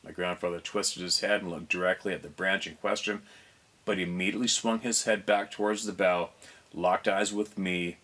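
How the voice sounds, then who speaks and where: A man hosting a show, reading a first-person story aloud, unhurried, stopping now and then to reread or fix a slip. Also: low voice, fairly even intonation, fairly bright tone.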